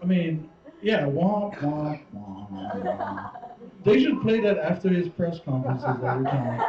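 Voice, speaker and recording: A man doing a stand-up comedy set on stage, rambling and swearing as he acts out other people's lines. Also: sits high. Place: comedy show stage before a live audience. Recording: distant, roomy, muffled live-show recording with crowd.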